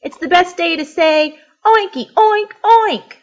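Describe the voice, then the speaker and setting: A woman voicing an excitable, cheerful little female pig in a children's picture-book read-aloud, talking with squealing, bouncy excitement. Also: very high-pitched, slow pace, lo-fi sound, voice pushed up. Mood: ecstatic.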